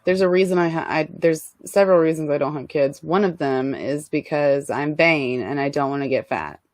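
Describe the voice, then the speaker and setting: Female guest, lower voice, dry close sound, blunt and self-mocking. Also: moderate pace, darkish tone, dry recording. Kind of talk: casual chat.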